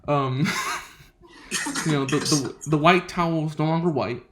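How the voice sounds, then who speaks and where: A young man hosting a casual podcast chat, telling a story with lots of laughter and lively quoted voices. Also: on the high side, a little slow, noisy background. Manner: laughing often, animated quoting of others. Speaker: podcast host.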